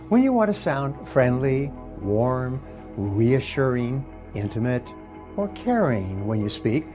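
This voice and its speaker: A man explains and coaches in a motivational seminar lecture. His pitch swings widely as he speaks. Music plays clearly beneath his voice. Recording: speech under a music bed.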